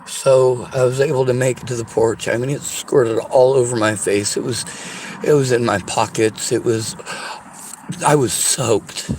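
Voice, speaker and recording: A man's voice: medium pitch, steady tone, a little slow, a little mellow, slight background noise, low-quality recording. A man telling a personal story to the camera, rambling, repeating himself and swearing freely. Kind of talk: casual spoken storytelling to camera.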